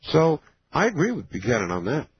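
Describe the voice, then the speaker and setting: Husky-voiced man hosting call-in radio. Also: on the high side, wildly swooping pitch, fairly quick, dry recording. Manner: rambling, folksy, opinionated. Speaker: radio talk show host. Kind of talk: late-night call-in radio talk. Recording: muffled AM radio broadcast.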